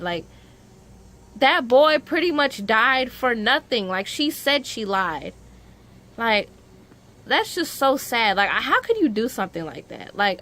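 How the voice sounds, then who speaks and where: A woman's voice: medium pitch, pushed and bright. A young woman vlogger telling a story in a casual, emotional way, full of "like" fillers and growing indignation.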